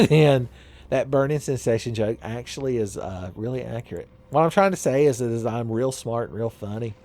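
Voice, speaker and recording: A man's voice: medium pitch, normal speed, a little mellow, slight background noise. A man hosting a let's play, giving profane, sarcastic gameplay commentary and laughing at his own jokes.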